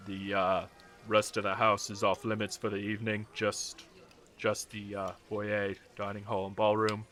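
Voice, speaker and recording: A man's voice: lowish voice, monotone, normal speed, fairly bright tone, close to an everyday voice. Man playing an apologetic, hesitant manor guard. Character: polite nervous male guard at a manor.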